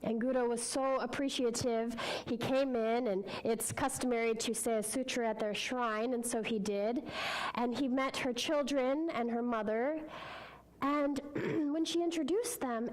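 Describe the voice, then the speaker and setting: A woman's voice: fairly high pitch, low-quality recording. A woman speaker telling a parable in a sermon at a spiritual center, earnest and heartfelt. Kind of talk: sermon storytelling.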